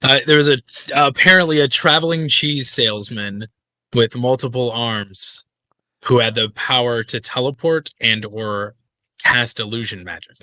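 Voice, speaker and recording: A young man playing a tabletop game, sheepish and quick to laugh. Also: mid-range voice, sharp tone, no echo. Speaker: player.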